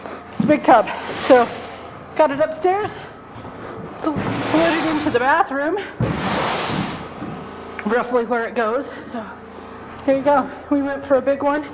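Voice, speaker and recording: A woman's voice: sits high, takes it slowly, long pauses. A woman narrating a casual vlog about work at her cabin, talking in a chatty way with many fillers. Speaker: vlogger. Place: snowy cabin, indoors and out. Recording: noisy camera audio.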